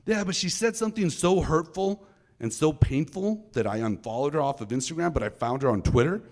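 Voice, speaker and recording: A man's voice: fairly high pitch, animated, brisk, darkish tone, pitched above the performer's own voice. A man voicing a young male suspect who pleads for help and then talks eagerly, in an unsettling way. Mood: matter-of-fact.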